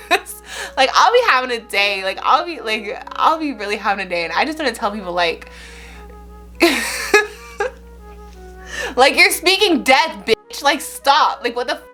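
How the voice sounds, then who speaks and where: A woman's voice: fairly high pitch, a bit bright. A woman hosting a casual Bible-reading vlog, chatty and slangy, laughing often between words.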